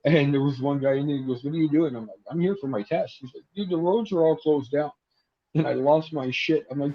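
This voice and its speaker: A Canadian man from Ontario telling stories in a casual chat, animated, acting out the voices of people in his stories. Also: a little high, a little fast. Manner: animated storyteller, acts out dialogue. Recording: muffled lo-fi audio with faint noise.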